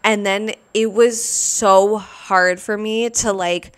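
A woman telling a personal story in a casual, animated way, full of "like" fillers, as a podcast host. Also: medium pitch, slow pace, clear, resonant tone.

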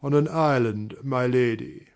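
A man's voice: mid-range voice, measured pace, a little mellow, smooth, natural voice. A man playing a deferential faithful butler. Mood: respectful. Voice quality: formal, deferential. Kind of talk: amateur audiobook drama reading.

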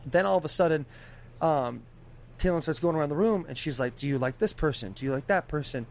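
A young man in casual group chat, telling a story with animated delivery, imitating beeps and other people's voices, and swearing freely. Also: fairly high pitch, a little fast, gravelly, slight background noise. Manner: animated storytelling, mimics beeping and quoted voices.

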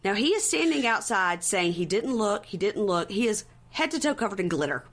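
Animated woman recapping gossip. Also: fairly quick. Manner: animated storyteller who acts out quotes with big pitch jumps; profane, gossipy. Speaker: podcast co-host recapping a reality show. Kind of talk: casual chat.

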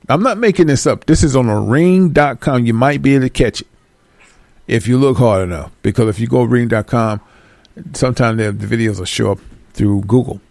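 A man giving a blunt, preachy, animated rant to his viewers, swearing freely. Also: medium pitch, no echo, clean studio sound. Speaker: vlogger. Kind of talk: ranting commentary to viewers.

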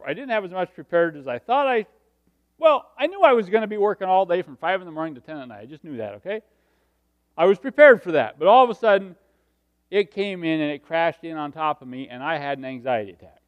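Middle-aged male preacher, high-pitched, animated storytelling, quiet asides to loud peaks. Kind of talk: sermon with personal stories.

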